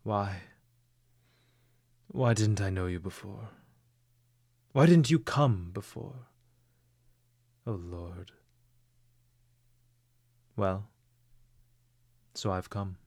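A fervent, devoted young woman pleads desperately through tears, as a man reading the story puts her on. The voice sits low and unhurried, close and dry with no room around it. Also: darkish tone, dry recording, heavily acted. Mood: fervent pleading.

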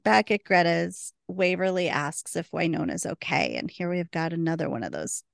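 A woman's voice: lowish voice, expressive, moderate pace, creaky, no echo, clean studio sound. A woman co-hosting a podcast, retelling scenes in casual chat and laughing often. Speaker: podcast co-host.

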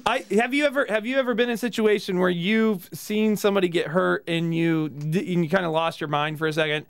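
Man, podcast host, casual comedy chat, animated storyteller, gravelly voice. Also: high-pitched, brisk. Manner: animated storytelling, laughing often.

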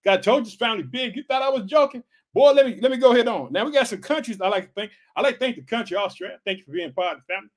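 Fervent high-voiced man preaching. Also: expressive, rapid-fire, few pauses. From Illinois, United States. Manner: fervent, repetitive calls of "guess what" and "hallelujah". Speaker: podcast preacher. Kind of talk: energetic podcast sermon.

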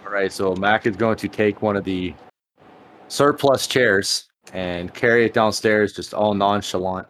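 A man playing a tabletop game, talking casually with lots of swearing and an animated delivery. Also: fairly low pitch, measured pace, a little hiss or hum. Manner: profane, animated. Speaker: player. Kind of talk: casual chat.

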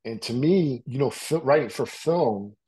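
A man's voice: mid-range voice, lively intonation, a little slow, mellow, slightly rough. A middle-aged man from the United States, talking about his past in a loose, slangy way, full of "like" and "you know". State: coughing from a bong. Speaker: interview guest, writer. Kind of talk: casual storytelling.

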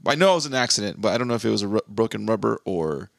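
A man's voice: fairly low pitch, animated, racing, gravelly, no room sound, clean studio sound. A man co-hosting a casual comedy podcast, joking around and reading mock news stories. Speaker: podcast co-host.

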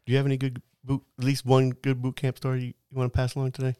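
A man's voice: mid-range voice, completely flat delivery, fast, mellow, smooth, dry recording, clean studio sound. A man in casual chat who mostly chimes in with short agreements and laughs.

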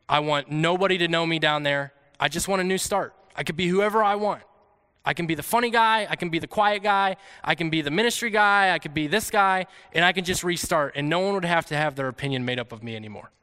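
A man's voice: a little high, fast, sharp tone, clean tone. A young man preaching a conversational sermon, earnest and personal, often acting out his own thoughts and prayers as little quoted scenes. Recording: reverberant hall.

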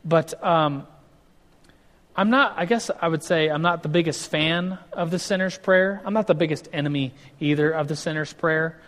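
Here the male pastor's pitch is fairly high and his tone fairly bright, at a normal speed. His sermon is casual and conversational, full of restarts and acted-out quotes, and a long hall reverb colors the sound.

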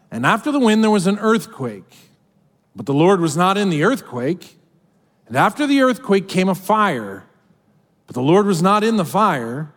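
A man's voice: high-pitched, big-room sound. A man preaching a sermon as a pastor, dramatically voicing scripture and heartfelt prayers.

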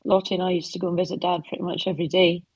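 Speaking fast from her home office, a middle-aged female author gives conversational interview answers full of heartfelt stories and gentle asides. Her voice sits fairly low, level in tone and slightly rough, with no room sound at all.

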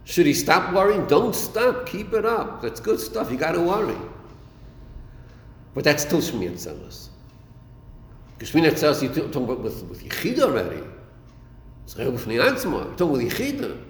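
Guy teaching a torah class, lively ups and downs, kinda high voice, echoey room. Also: moderate pace, pauses often. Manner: animated, acts out dialogue and repeats phrases. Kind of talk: Chasidic text class. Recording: echoey room with long reverb.

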